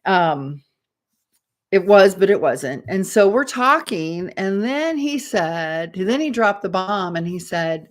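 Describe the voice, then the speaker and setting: A woman's voice: mid-range voice, lively intonation, slow pace. Chatty woman dating coach in her fifties. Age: 50s. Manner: chatty, rambling, acts out quoted dialogue. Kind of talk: casual advice storytelling.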